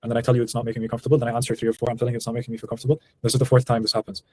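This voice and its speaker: A man's voice: medium pitch, completely flat delivery, very fast, darkish tone, a little hiss or hum. A man in his twenties on a call as a prospective client, blunt, frustrated and confrontational. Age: 20s. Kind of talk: tense call conversation.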